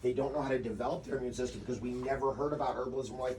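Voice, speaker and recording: A man's voice: medium pitch, steady tone, rapid-fire, far from the mic, background noise. A man leading an outdoor workshop, talking animatedly and acting out quotes with rhetorical questions. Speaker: workshop leader. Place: outdoors before a forest walk.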